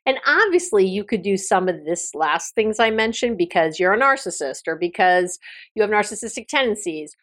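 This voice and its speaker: A woman's voice: medium pitch, big pitch swings, moderate pace, a bit bright. Chatty woman podcast host explaining. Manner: conversational, self-correcting with fillers and restarts; explanatory, addresses listener directly. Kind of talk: solo podcast talk.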